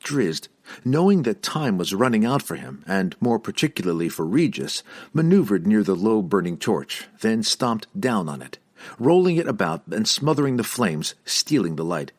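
Deep, husky man narrating with drama. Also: normal speed. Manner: dramatic, expressive storytelling. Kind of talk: audiobook narration.

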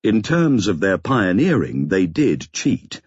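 A man narrating an audiobook in a steady, expressive reading, on a slightly dull lo-fi recording. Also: low-pitched, slow, slightly rough, no room sound. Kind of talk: scripted narration.

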